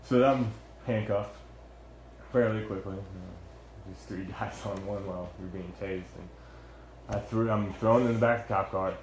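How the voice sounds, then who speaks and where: A man's voice: on the low side, steady tone, moderate pace, a little hiss or hum. Agitated young man in an echoey room. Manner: agitated, blunt, swears, restarts often. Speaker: former Marine recounting his arrest. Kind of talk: heated first-person account.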